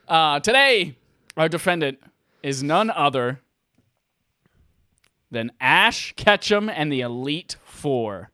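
A man hosting a casual live gaming podcast on a headset mic, energetic, crude and joking, laughing often. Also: fairly high pitch, takes it slowly, pauses often, no echo, clean studio sound. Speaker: podcast host. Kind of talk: casual livestream podcast chat.

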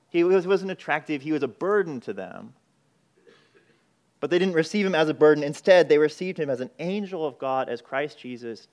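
A man preaching a sermon in an earnest, conversational way, asking rhetorical questions and often restarting his phrases. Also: a little high. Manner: frequent restarts and repeated words. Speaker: pastor.

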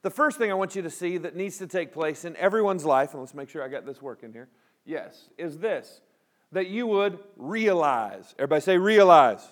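A man preaches, his voice sitting high for a man. He rallies his congregation into call-and-response with plenty of humor. His delivery is energetic and animated. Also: moderate pace. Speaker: pastor. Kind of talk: sermon.

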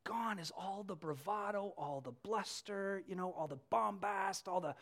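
A pastor preaching a sermon, telling the story with animated swings from hushed to loud. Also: mid-range voice, normal speed, few pauses.

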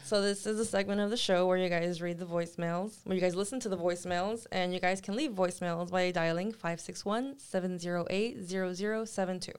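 Fast-talking woman with faint clicks. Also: fairly low pitch, steady tone, a little hiss or hum. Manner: quick, playful questioning. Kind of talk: casual chat.

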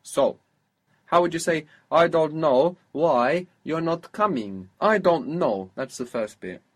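A man teaching a spoken language lesson, patiently prompting his student with questions and modelling phrases slowly. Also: a little high, expressive.

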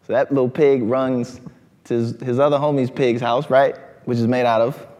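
A man giving an animated talk to a live audience in a lecture hall, often asking "right?". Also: medium pitch, moderate pace.

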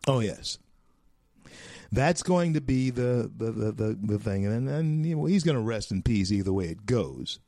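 A man from the United States hosting a talk show, delivering a folksy, preachy opinion monologue with drawn-out emphatic phrases. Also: fairly low pitch, animated, mellow, no echo.

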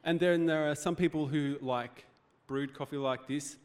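A man's voice: fairly high pitch, steady tone, moderate pace, darkish tone, clear, resonant tone. A man preaching a sermon as pastor, in a conversational, joking way with rhetorical questions. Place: church hall.

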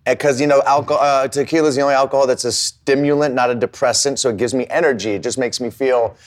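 A man's voice: medium pitch, fast talker. A man telling a rambling, profane story in casual chat, acting out the people in it. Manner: animated, swearing, acts out his story. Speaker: comedian and rapper guest.

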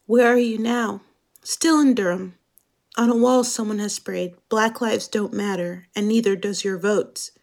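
Narrating a scripted dramatic monologue, a woman from Germany speaks slowly, in a measured and introspective way. Her medium-pitched voice is gravelly and a little mellow, with fairly even intonation.

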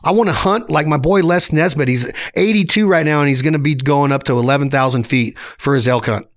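A man in his forties delivers a fired-up solo rant as a podcast host. His voice sits a little high for a man, and he talks in emphatic, punchy bursts. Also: brisk. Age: 40s.

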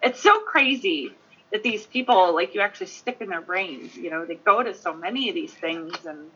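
A woman on a convention panel chatting quickly and casually, telling an anecdote. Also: fairly low pitch, lively intonation, sharp tone, breathy edge. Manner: chatty, quick, with frequent laughs. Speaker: convention guest. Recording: dull lo-fi sound.

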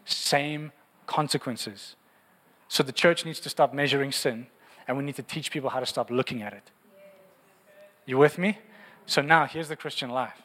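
Animated preacher in a hall. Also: male voice, medium pitch, normal speed, pauses often. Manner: humorous, animated preaching with acted prayers. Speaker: pastor. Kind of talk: sermon. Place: large church hall. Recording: reverberant church hall.

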